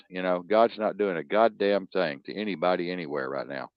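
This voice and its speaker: A man's voice: low voice, steady tone, brisk, no room sound. A man hosting a talk show, ranting bluntly and profanely in a rambling, emphatic way. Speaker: podcast host. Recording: dull lo-fi dry sound.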